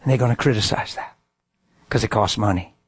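A man's voice: lowish voice, a little fast, breathy edge, dry recording. A man preaching a sermon and telling stories in a folksy, emphatic way. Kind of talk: sermon with storytelling.

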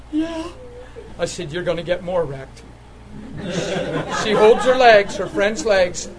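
A man preaching a sermon, telling a healing story with laughter and sudden excited jumps in his voice. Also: rough recording. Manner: animated storytelling, laughing, voice jumping high when excited.

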